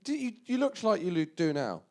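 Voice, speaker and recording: A man hosting a live podcast cuts in with teasing questions, tripping over his words. His pitch is fairly high and swings widely. Faint noise sits behind him. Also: big pitch swings, a little fast. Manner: teasing interjections, stumbling restarts. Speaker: podcast host. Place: live venue on stage.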